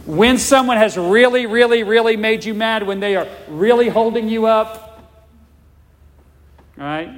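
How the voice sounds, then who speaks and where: This pastor's high-pitched voice moves at a measured pace with long pauses as he preaches. Emphatic, he repeats points and checks in with the congregation using "all right?", his words echoing with the long reverb of a large hall.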